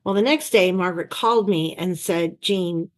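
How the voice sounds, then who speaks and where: A middle-aged woman and former chief of staff, telling lively anecdotes and acting out the people she quotes. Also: lowish voice, moderate pace. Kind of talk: storytelling in an interview. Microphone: video call.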